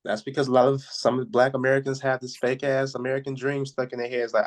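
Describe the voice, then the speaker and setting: A man co-hosting a casual podcast, sassy and sarcastic as he chats. His voice has a middle pitch for a man. He talks in a relaxed, conversational way. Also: fast talker, hardly any pauses. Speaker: podcast co-host.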